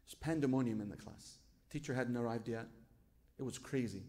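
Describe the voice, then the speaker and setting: A man's voice: medium pitch, fairly quick, darkish tone. A man giving a sermon as a sheikh. He tells stories from his own life, asks rhetorical questions and quotes scripture. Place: lecture hall at a religious gathering.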